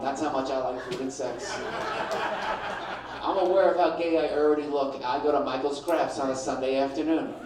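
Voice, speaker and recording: A man's voice: a little high, recorded from a distance, noisy background. A middle-aged man doing a stand-up comedy set, punchy and brash, slipping into mimicked voices. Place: comedy club stage with an audience. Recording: echoey room, picked up from afar.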